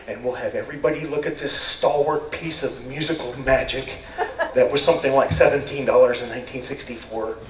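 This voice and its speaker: An older man doing rambling, deadpan stand-up storytelling on a stage. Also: mid-range voice, fairly quick, slight background noise. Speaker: stand-up performer. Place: stage at a community talent show. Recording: echoey hall, voice far from mic, faint ambience.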